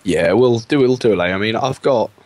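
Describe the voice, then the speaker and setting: A man chatting casually while playing a game with a friend, playful and quick to laugh. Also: fairly low pitch, a little mellow. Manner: playful, laughs a lot, jokey banter. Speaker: gaming co-host. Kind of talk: casual gaming chat.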